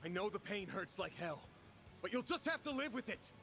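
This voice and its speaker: Give the scene a brash young male fighter from a game, blunt and teasing. His voice sits high and swings widely, with soft music below. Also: sing-song, moderate pace, creaky, heavily acted. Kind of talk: video game voice acting.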